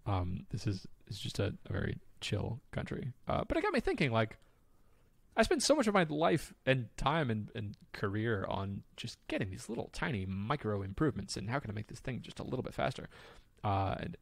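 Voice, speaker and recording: Creaky, animated man in casual chat. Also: medium pitch, fairly quick, no echo. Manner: rambling and enthusiastic, many fillers and restarts.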